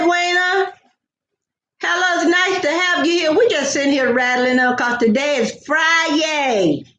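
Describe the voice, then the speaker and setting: A woman's voice: high-pitched, fairly bright tone. An older woman, chatting playfully and rambling with repeated words on a casual home live stream. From American South. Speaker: vlogger. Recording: echoey, dull lo-fi home recording.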